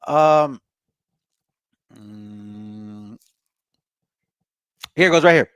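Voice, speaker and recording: A laid-back Bible teacher leads a casual study, reading verses aloud and then explaining them in plain language to listeners he calls family. His voice is a little high, a bit bright and animated, at normal speed. The sound is close and dry, with no echo.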